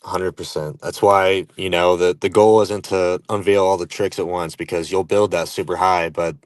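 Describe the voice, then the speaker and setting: A man with a very deep voice, recorded dry. He agrees readily and speaks in a loose, casual way. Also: level tone, moderate pace, dry recording. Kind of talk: casual live-stream chat.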